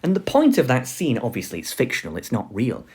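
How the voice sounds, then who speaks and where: Lively, husky man lecturing casually. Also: mid-range voice, brisk. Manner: loose and filler-heavy, laughing often. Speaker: online lecturer.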